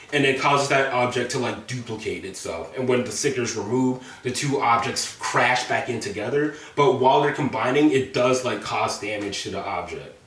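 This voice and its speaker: A man's voice: medium pitch, a bit bright. A young man casually recapping a story to friends, rambling with lots of fillers and swearing. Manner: rambling, filler-heavy, profane. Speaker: presenter. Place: indoor room with friends. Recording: echoey room mic from a distance.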